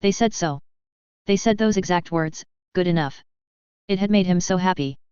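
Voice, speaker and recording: Smooth low-voiced woman narrating a story. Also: moderate pace, darkish tone, dry recording, highs cut off. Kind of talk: audiobook narration of a sci-fi story.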